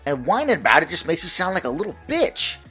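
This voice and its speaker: A man's voice: on the high side, sing-song, fast, sharp tone, slightly rough, soft background music. Profane, heated male gaming ranter. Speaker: gaming channel host. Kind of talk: ranting opinion vlog.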